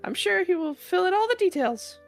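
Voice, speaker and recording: Guy doing a squeaky little mouse dude, shifty and hurried, way up high in pitch, game music faint behind. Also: very animated, vocal fry, no room sound, exaggerated voice. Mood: sly.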